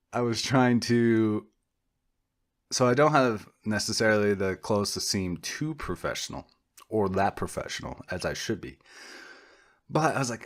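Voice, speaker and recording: A young man co-hosting a podcast, talking in a rambling, digressive way, poking fun at himself, restarting sentences and losing his thread. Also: on the low side. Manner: digressive, self-deprecating, frequent restarts and trailing off. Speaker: podcast co-host. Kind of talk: rambling casual monologue.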